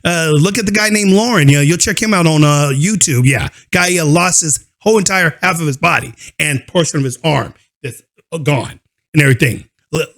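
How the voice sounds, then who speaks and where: A man hosting a reaction video, giving sarcastic commentary with mock-outraged shouting and laughter. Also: fairly high pitch, a little fast, creaky.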